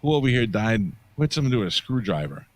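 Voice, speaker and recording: A man's voice: fairly low pitch, very animated, fast, voice pushed up. A man mimicking a male stage psychic who fishes for details with leading questions. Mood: probing.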